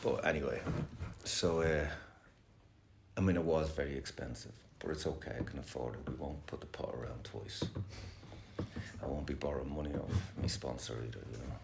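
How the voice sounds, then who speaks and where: In an echoey room with faint background noise, a middle-aged man shares at a recovery meeting. His bass voice is gravelly and moves at a moderate pace as he rambles candidly, swearing heavily.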